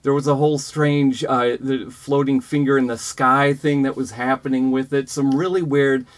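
A man who performs sketch comedy, talking in a casual chat in a relaxed, thoughtful way. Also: mid-range voice, moderate pace.

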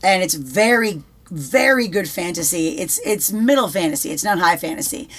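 A woman's voice: fairly low pitch, animated, fairly bright tone. Chatty, foul-mouthed young woman. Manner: swears freely, fast restarts and repetitions. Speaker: podcast co-host. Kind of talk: casual chat.

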